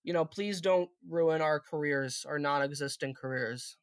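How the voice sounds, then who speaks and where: A man's voice: fairly high pitch, moderate pace, clean tone, no echo, clean studio sound. A young man co-hosting a podcast in offhand, rambling casual chat, swearing a lot. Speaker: podcast co-host.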